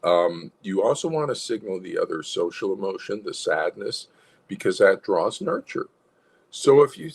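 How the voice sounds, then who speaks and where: A man's voice: on the low side, a little slow, creaky, breathy edge. A man, a psychologist hosting an instructional livestream, who talks animatedly and acts out different tones of voice. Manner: animated, demonstrates tones of voice, chuckles.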